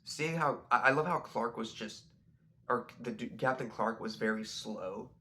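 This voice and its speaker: A man's voice: medium pitch, a little slow, bright, forceful tone. A young man rambling casually about a film he just watched, often restarting his sentences. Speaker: video creator. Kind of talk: casual rambling movie review.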